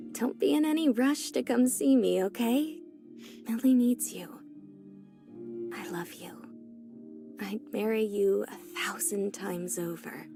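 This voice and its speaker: A breathy, tender whispered role-play of a dying young mother saying goodbye, as a man puts her on. She speaks very slowly and gently, with soft music playing underneath. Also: high voice, pitched above the performer's own voice, full character voice. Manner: slow tender reading. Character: dying young mother writing farewell letters. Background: soft background music.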